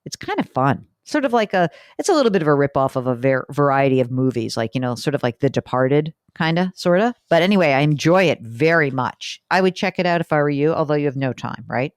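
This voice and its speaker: A woman's voice: deep voice, quick pace, hardly any pauses, dry recording, studio quality. A middle-aged woman hosting a money podcast, chatting casually and with animation. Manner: chatty, animated, laughs easily. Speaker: podcast host. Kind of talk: casual chat.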